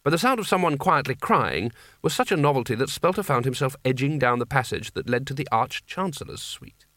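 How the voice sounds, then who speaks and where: A man reading a comic fantasy audiobook in a measured, wry voice. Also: medium pitch, animated, a bit bright, no room sound, clean studio sound. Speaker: audiobook narrator. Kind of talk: scripted narration.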